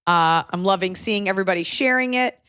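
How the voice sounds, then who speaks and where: A woman's voice: medium pitch, brisk, fairly bright tone, clean tone, dry recording, clean studio sound. A woman in her thirties hosting a casual podcast, telling rambling stories in a wry way. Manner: wry, rambling storytelling with put-on voices. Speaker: comedian and podcast host.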